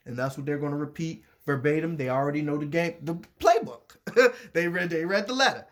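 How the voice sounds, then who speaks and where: A man's voice: on the high side, brisk, few pauses. A man reading a letter aloud and commenting on it in casual chat, repeating his points and restarting sentences as he goes.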